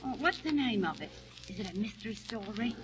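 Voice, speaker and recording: An actress playing a chatty, teasing working-class wife in a wartime air-raid shelter, in 1940s radio acting. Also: female voice, medium pitch, expressive, a little fast, close to an everyday voice. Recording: muffled 1940 radio broadcast with hiss.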